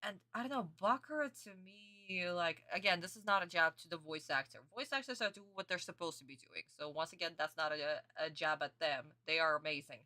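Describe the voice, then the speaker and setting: A woman's voice: on the low side, fairly quick, few pauses, sharp tone. A young adult woman streamer chatting casually as she reacts to a cartoon episode, calling her viewers sweeties and honey and answering their comments. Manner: talks back to chat comments.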